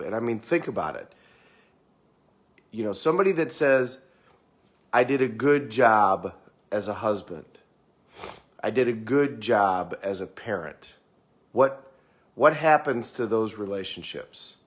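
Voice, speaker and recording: A man's voice: on the low side, animated, unhurried, pauses often. A middle-aged man giving a conversational motivational talk, often repeating words as he goes. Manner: conversational, repeats words, acts out quoted clients. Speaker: motivational speaker.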